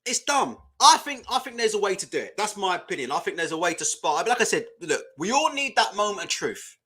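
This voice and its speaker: A young man riffs on a live boxing chat, blunt and foul-mouthed, breaking into laughter. His voice sits high and bright, and his pitch swings widely as he talks. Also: big pitch swings, fairly quick, husky. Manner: blunt, swearing, laughs a lot while ranting. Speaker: boxing channel host. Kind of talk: casual live-stream chat.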